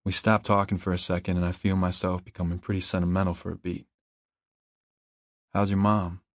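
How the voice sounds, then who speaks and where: A man reading his own novel in the first person, in a measured, reflective way, close to a studio mic. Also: deep voice, flat delivery, dry recording. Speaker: audiobook narrator and author. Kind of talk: first-person audiobook narration.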